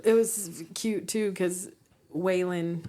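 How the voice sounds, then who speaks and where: Woman, 40s, podcast co-host, lower voice, lively storyteller, acts out quotes, laughs a lot. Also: takes it slowly. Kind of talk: casual chat.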